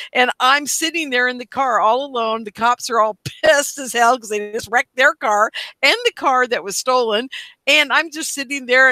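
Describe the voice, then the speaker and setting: Bright-voiced woman telling a wild story. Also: fairly high pitch, dry recording. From Portland, Oregon. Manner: animated storyteller, acting out quotes. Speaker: guest. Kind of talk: storytelling in conversation. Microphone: studio mic.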